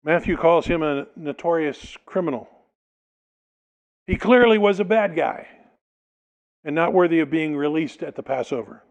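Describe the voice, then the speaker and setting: Man, pastor, sermon, reads scripture and explains it, acts out quotes, slightly high pitch. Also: moderate pace, vocal fry, pauses often, highs cut off. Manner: expository preaching, reads scripture then explains it, dramatizes quotes.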